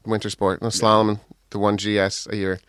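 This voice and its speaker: A man's voice: on the low side, monotone, a little fast, fairly bright tone, clear, resonant tone, dry recording, clean studio sound. A man appearing as a comedian guest on a podcast, chatting casually, joking and laughing a lot. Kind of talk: casual chat.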